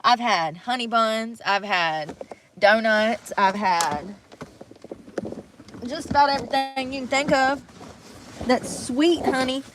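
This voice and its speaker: A woman's voice: a little high, expressive, slow pace, long pauses, noisy background. A young woman chatting casually to viewers on a live stream from outdoors in the snow, swearing freely as she talks. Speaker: livestreamer.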